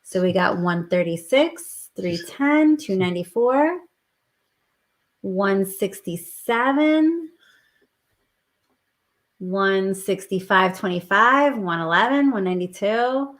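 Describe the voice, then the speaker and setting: A woman's voice: medium pitch, expressive, slow pace, long pauses. A woman co-hosting a casual live stream, chatting and reading out lists of viewer guesses. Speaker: livestream co-host.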